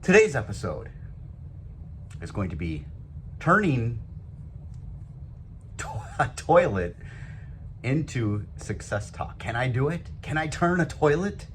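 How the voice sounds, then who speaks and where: A man's voice: mid-range voice, sing-song, slow, pauses often, fairly bright tone. A man hosting his own motivational talk show, upbeat and rambling, poking fun at himself. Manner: upbeat, rambling, self-joking. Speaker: show host. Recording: noisy background.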